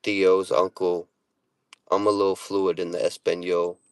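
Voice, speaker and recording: A man's voice: sits low, level tone, unhurried, smooth, no echo. A middle-aged man with a Boston accent, hosting a casual livestream, reading viewer comments aloud and talking in a streetwise, profane way. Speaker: livestream host.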